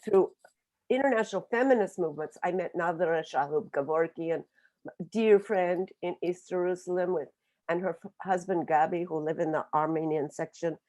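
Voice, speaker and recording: A woman in her seventies from Oklahoma, telling her life story as a book author on a webinar in an earnest, reflective way, pausing and restarting often. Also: lowish voice, a little mellow. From Oklahoma, USA. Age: 70s. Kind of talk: personal storytelling. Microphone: video call.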